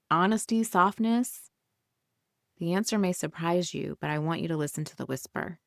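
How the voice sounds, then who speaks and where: A woman's voice: deep voice, dry recording, clean studio sound. A woman hosting a podcast, talking casually and soothingly as she guides listeners through breathing. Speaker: podcast host and coach.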